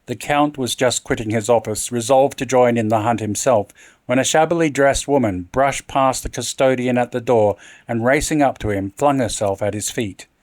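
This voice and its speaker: A man narrating a horror tale in an expressive, dramatic reading. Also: medium pitch, moderate pace, no room sound.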